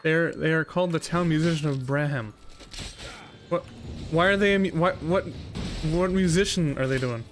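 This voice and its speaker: A man's voice: a little high, normal speed, pauses often, a little hiss or hum. A young man joking and sarcastic as he streams a video game casually. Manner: joking, sarcastic, breaks into silly voices. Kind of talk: casual live-stream commentary.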